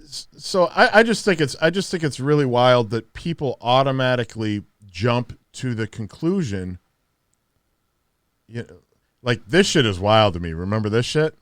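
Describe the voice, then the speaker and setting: Animated man talking in halting bursts. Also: mid-range voice, dry recording, studio quality. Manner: halting, repeats words, laughs often. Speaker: podcast host. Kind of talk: casual podcast chat.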